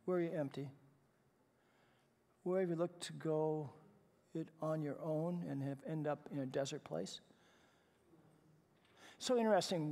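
A male pastor preaches with a fairly high voice, talking conversationally and tripping over repeated words. He drops to near hushes and then builds to loud, emphatic stretches. The sound rings with the long reverb of a church hall. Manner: conversational, with repeated false starts. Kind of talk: sermon. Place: church sanctuary.

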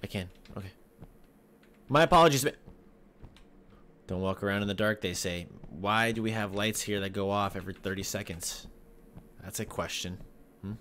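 A man giving casual joking commentary while playing a horror game, talking to his viewers with sudden yelps and shouts. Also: low voice, a little hiss or hum. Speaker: gaming video host. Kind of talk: casual let's-play commentary.

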